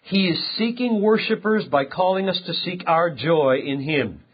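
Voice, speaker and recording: A male pastor preaching a sermon, emphatic and impassioned, swinging between loud and quiet. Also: high voice, lively intonation, normal speed, few pauses, slightly rough. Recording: dull lo-fi sound.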